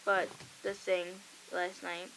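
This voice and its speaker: On a rough recording with slight background noise, a young adult woman speaks slowly in a lowish, fairly bright voice with flat delivery. She's hosting a college radio show, chatting casually and performing the quoted voices in her stories.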